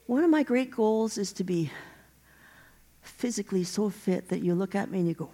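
A middle-aged woman preaching a sermon, animated and exhorting her congregation. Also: mid-range voice, normal speed.

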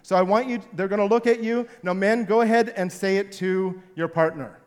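A male pastor with a notably high voice preaches to a live congregation, his words ringing through a long hall reverb. He tells stories with a playful, joking manner and gets the room to join in. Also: fairly quick, hardly any pauses. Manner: playful, jokey storytelling. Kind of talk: sermon with audience participation.

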